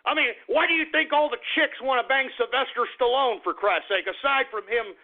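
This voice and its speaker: A man's voice: extremely high pitch, fairly quick. A man hosting a talk radio show, ranting in a crude, repetitive monologue. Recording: tinny phone-like radio sound.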